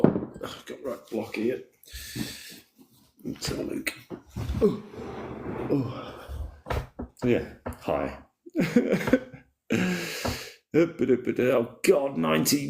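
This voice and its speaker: A man's voice: mid-range voice, creaky, slight background noise. A man hosting a casual spiritual livestream, rambling in a laid-back way and reading viewer comments aloud. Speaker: livestream host. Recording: roomy echoey room.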